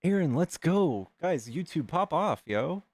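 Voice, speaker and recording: A man hosting a casual livestream, excitedly thanking donors and chatting with callers. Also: fairly high pitch, a little slow, dry recording. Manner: excitable, reads donations aloud. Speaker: livestream host.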